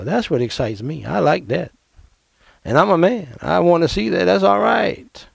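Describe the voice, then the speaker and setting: A man preaching a fiery sermon as pastor, emphatic and confrontational, with sudden loud outbursts. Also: high voice, expressive, normal speed, creaky, husky, no room sound.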